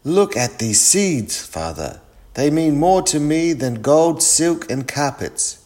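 A headstrong young princess, put on by a man reading a storybook, raised and lively in pitch. She talks in an indignant, impatient way, slowly and with wide swoops. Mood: pleading.

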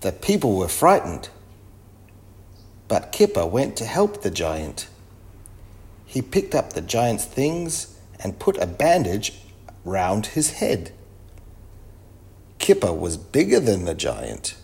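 Slow, expressive male storyteller. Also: on the low side. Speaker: narrator. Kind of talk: children's story read aloud.

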